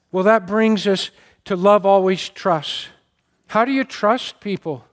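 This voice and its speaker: A pastor with a fairly high voice and lively intonation speaks a little slowly as he preaches to his congregation. His storytelling is earnest and emotional, his throat now and then catching as he gets choked up, and his delivery rises and falls on key words.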